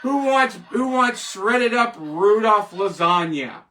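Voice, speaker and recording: A man's voice: sits high, expressive, slow pace, pushed and bright, recorded from a distance. A man hosting a casual solo show, rambling, joking and laughing at his own jokes. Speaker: host. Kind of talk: casual solo wrestling commentary.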